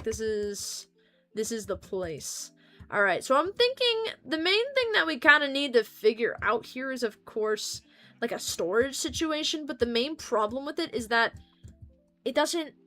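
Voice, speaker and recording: Bright-voiced woman streamer over faint music. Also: a little high. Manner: rambling and playful, jumps between topics. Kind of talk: casual gaming livestream chat.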